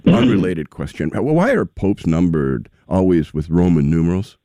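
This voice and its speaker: A man's voice: sits low, animated, normal speed, dark tone, dry recording. A male radio host interviewing a guest, flustered and stammering as the talk keeps going off track. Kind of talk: comedic interview.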